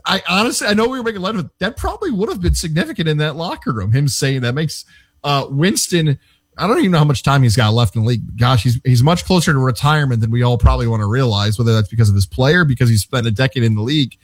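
A man's voice: medium pitch, animated, fast talker, dry recording, clean studio sound. A middle-aged man who used to be a pro athlete, co-hosting a sports show and talking reflectively. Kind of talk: casual sports talk.

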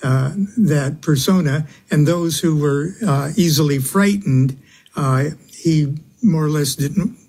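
A man speaking as a guest on a radio interview, halting, with many fillers and small chuckles. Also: on the high side, darkish tone, slightly rough.

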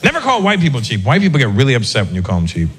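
A man doing a stand-up comedy routine on stage, acting out people in quick voices. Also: medium pitch. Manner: animated, acts out characters in quick voices. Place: comedy stage with a live audience. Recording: noisy live show recording.

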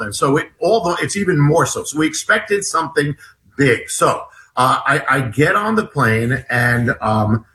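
On a talk show, a guest author with a bright, forceful, fairly high voice relates a story. He often breaks off and begins again, dramatizing what everyone said.

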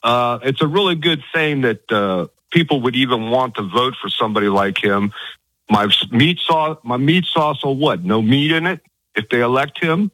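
A man's voice: medium pitch, animated, normal speed, fairly bright tone, no room sound, rough recording. A man from Virginia calling in to a talk radio show, chatty and indignant. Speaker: caller.

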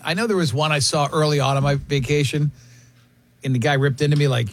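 Higher-voiced male radio host. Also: fairly even intonation, fairly quick. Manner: jokey, laughs easily, steers segments. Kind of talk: casual morning radio banter.

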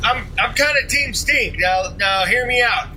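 Male voice memo, very high and sharp, playful arguer, faint hiss. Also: lively intonation, measured pace. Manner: mock-argumentative, playful. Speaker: listener sending a recorded message. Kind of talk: jokey voice message.

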